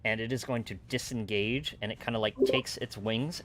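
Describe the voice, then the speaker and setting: A man's voice: medium pitch, steady tone, normal speed, fairly bright tone, slight background noise. A man running a tabletop game as game master, narrating in a loose, rambling way with many fillers. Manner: loose and rambling, full of "uh" and "kinda like".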